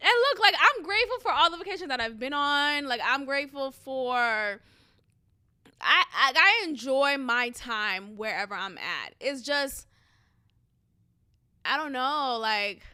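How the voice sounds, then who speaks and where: A young woman talks through her podcast alone in a loose, unscripted way. Her voice sits high and sounds bright. She speaks frankly, swears without thinking twice, and breaks into laughter as she airs her frustrations. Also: animated, slow pace, long pauses. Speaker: podcast host. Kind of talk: casual solo podcast chat.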